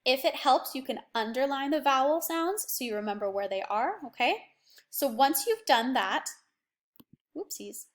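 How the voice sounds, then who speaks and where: A young woman teacher giving a remote phonics lesson to children, patient and encouraging, stretching words out slowly. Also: high-pitched, lively intonation. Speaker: primary school teacher.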